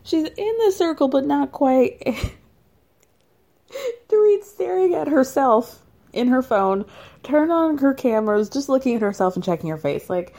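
A woman's voice: sits high, lively intonation, measured pace, warm tone. A woman casually recapping with profanity, chatty and opinionated, laughing as she retells.

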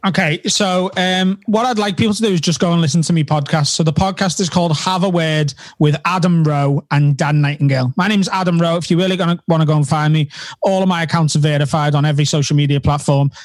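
A man's voice: fairly high pitch, fairly even intonation, quick pace, no echo, clean studio sound. Jokey male guest. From Liverpool. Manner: blunt, jokey, self-promoting. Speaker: comedian guest. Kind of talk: casual podcast chat.

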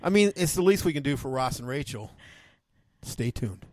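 A podcast co-host swaps deadpan teasing and laughs at his own jokes in a casual, joking chat. His voice is medium-pitched at a moderate pace, and the recording is dry and close with no echo or room sound.

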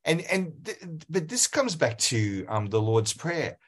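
Man, podcast host, animated, lively pitch, slightly high voice. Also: measured pace. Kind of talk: casual interview talk.

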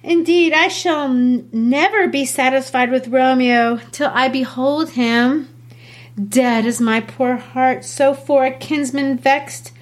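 A woman's voice: high-pitched, steady tone, takes it slowly, voice pushed up. A woman reading a grieving young noblewoman. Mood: anguished. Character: grieving young noblewoman, guarded and double-speaking. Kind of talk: classroom read-aloud of a play.

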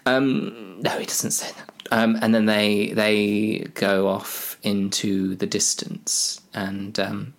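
A man's voice: lowish voice, level tone, slow. A man with a rambling, self-mocking manner, retelling a story for comedy with lots of fillers. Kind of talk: rambling comic plot retelling.

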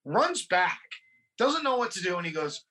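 A podcast host retelling a movie scene by scene in a casual, swearing, animated way. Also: mid-range voice, normal speed. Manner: profane, animated storytelling.

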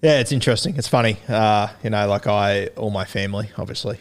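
Australian man, slight stutter, low voice, casual podcast chat. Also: fast talker. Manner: hesitant, with restarts and a slight stutter. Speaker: podcast guest.

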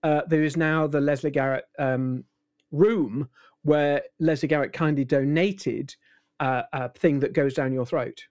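A man in his sixties, an impressionist, telling anecdotes in a relaxed, rambling interview with many restarts. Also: a little high, a little slow, no echo. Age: 60s. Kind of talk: casual interview chat.

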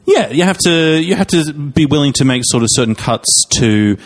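A man's voice: fairly high pitch, animated, moderate pace. Man, 30s, casual podcast chat, dry and hesitant. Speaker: podcast co-host.

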